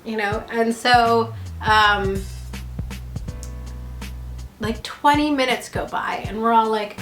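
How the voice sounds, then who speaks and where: A woman's voice: a little high, takes it slowly, pauses often, fairly bright tone. A young woman telling travel stories in a chatty, rambling way, full of fillers and laughter. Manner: chatty, rambling, heavy use of "like", laughs often. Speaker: vlogger and actor. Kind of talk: casual storytelling vlog. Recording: echoey room with faint music.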